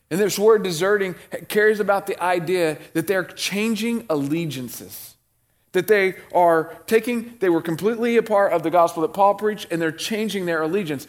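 Conversational preaching man, high-ish voice. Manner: conversational preaching, slows and drops low reading scripture. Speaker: pastor. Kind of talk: sermon.

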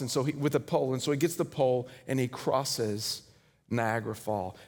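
A male pastor preaching a sermon, telling a story with dramatic swings between loud and hushed delivery. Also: fairly high pitch, moderate pace. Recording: hall reverb.

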